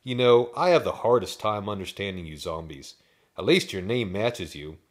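A man's voice: fairly low pitch, expressive, moderate pace. A man voicing a good-natured, folksy farmer in a storybook reading, chatty and mildly scolding. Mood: friendly.

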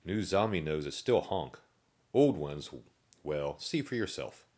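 A man voicing a slow, easygoing old male zombie inmate in a storybook tale, speaking in a drawl. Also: sits low, expressive, a little mellow, full character voice. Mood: matter-of-fact.

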